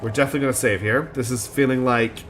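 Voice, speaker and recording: A man's voice: medium pitch, fairly even intonation, fast, fairly bright tone, a little hiss or hum. A man streaming a game, chatting casually, thinking aloud and reading out game text. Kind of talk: casual gameplay commentary.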